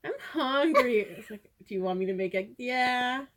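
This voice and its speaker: A young woman, chatting casually with friends in a giggly, animated way. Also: on the high side, normal speed. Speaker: vlog co-host. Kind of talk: casual chat.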